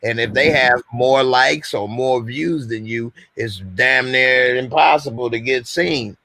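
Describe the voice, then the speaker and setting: A man hosts a casual call-in live stream, holding forth at length in a loose, everyday way. His voice is bright and forward, and the sound is dry and close, with no room around it. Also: medium pitch, measured pace, dry recording. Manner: loose, conversational, talks at length. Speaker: host.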